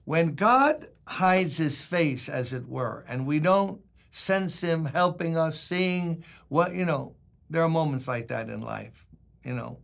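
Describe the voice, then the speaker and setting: A man's voice: a little high, lively intonation, slow, creaky, fairly bright tone. An older man, a pastor, giving a conversational devotional sermon, telling folksy stories and reading scripture aloud.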